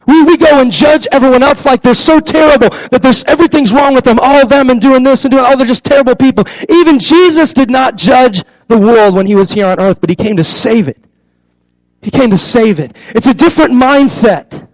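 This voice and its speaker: A young man preaching a sermon as a youth pastor, repeating his key phrases for emphasis and acting out stories in lively voices. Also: very high-pitched, fairly quick, low-quality recording. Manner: animated storytelling with acted-out voices.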